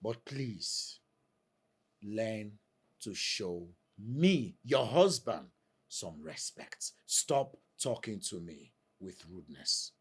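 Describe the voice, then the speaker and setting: An actor playing a husband, defensive and pleading for respect. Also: male voice, on the low side, big pitch swings, extremely slow, breathy edge, exaggerated voice. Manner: pleading, pompous.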